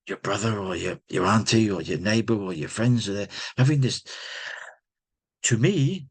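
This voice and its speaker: A man's voice: medium pitch, slightly rough. A man hosting a podcast, talking bluntly and emphatically in a personal monologue. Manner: blunt, emphatic, repeats himself. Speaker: podcast host.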